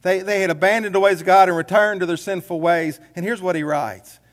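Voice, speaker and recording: A man's voice: high-pitched, fairly even intonation, brisk, long reverb tail. A man preaching a sermon as a pastor in a church, folksy and conversational with rhetorical questions. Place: church sanctuary.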